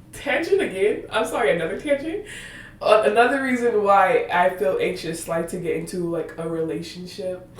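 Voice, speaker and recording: A woman in her twenties, recorded from afar with a roomy echo, speaks at a medium pitch. Hosting a casual faith podcast, she laughs and meanders through tangents, sounding on the edge of tears.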